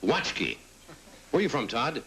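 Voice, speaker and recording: A middle-aged man hosts a late-night talk show, reading audience cards aloud and mocking them with wry humor. His mid-range voice swoops wildly in pitch, with vocal fry and a moderate pace. The old broadcast is rough, with slight background noise and a loud, laughing studio audience.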